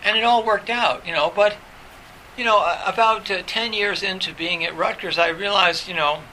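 A man's voice: sits high, normal speed, sharp tone, a little hiss or hum, poor audio. A middle-aged man, a professor, candidly recalling his own past in a reflective, conversational way. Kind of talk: personal recollection in conversation.

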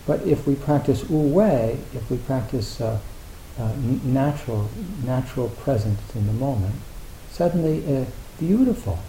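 A man's voice: medium pitch, lively intonation, normal speed, dark tone. A man giving a Zen dharma talk, rambling and self-deprecating, with lots of filler words. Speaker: Zen teacher. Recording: echoey hall with faint hiss.

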